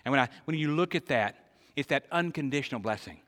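A man's voice: mid-range voice, lively intonation, fast talker. Older man preaching in a long-echo hall. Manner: emphatic preacher, asks the congregation questions, swings loud and soft. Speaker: pastor. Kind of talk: sermon.

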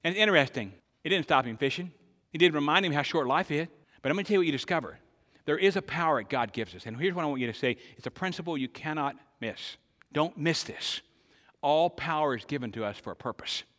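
An older man preaching a sermon, asking the congregation questions and swinging between loud emphasis and soft, hushed lines. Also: fairly high pitch, expressive, fast talker. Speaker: pastor. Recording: long hall reverb.

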